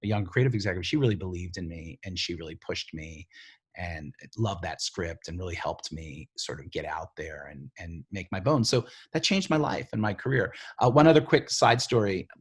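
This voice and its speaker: A middle-aged man, a TV writer and showrunner, telling stories in a casual interview, lively and full of fillers, acting out the voices of other people. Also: sits low, normal speed, breathy edge. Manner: animated, filler-heavy storyteller who acts out quoted voices.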